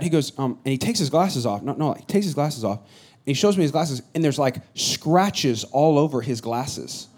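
A middle-aged man from the Bay Area preaching a sermon as pastor, animated and joking with his congregation. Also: a little high. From San Francisco Bay Area. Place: church hall with a congregation.

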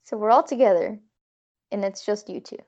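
A woman's voice: mid-range voice, dark tone, dull audio. Rambling woman spinning a comic story. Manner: rambling, swearing, quick asides. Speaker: improv scenario narrator. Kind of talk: casual comedic storytelling.

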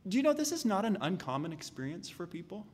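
A male pastor preaching with a high, light voice that rings through a reverberant hall. He is animated and slips into the voices of the people in his story as he tells it. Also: quick pace, slightly rough. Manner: animated, acts out voices of the Israelites and God. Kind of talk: sermon.

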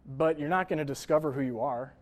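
A man's voice: a little high, brisk. Casual, joking young preacher man. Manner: conversational, jokey, lots of fillers like "like" and "uh". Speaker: pastor. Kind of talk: casual sermon.

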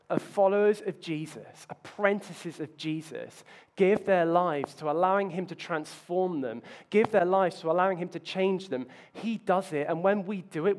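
A man preaching a sermon, telling self-mocking stories with playful asides. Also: high-pitched. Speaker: pastor.

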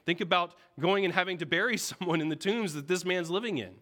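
Guy preaching, bright punchy voice, kinda high, vivid storyteller, keeps saying right?. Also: fast. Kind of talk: sermon.

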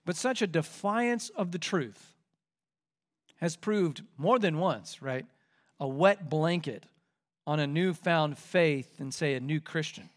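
A man preaching an expository sermon in an animated, conversational way as pastor. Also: a little high, slow.

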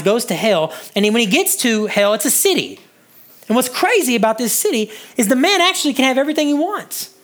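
A man preaching a sermon as pastor, animated, moving between loud high lines and hushed low ones and often repeating words as he restarts.

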